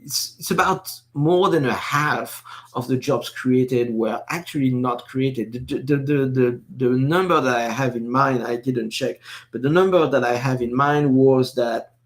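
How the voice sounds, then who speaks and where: A man's voice: mid-range voice, unhurried. A man with a French accent hosting a casual live stream, talking with many fillers and restarts while reading viewer comments.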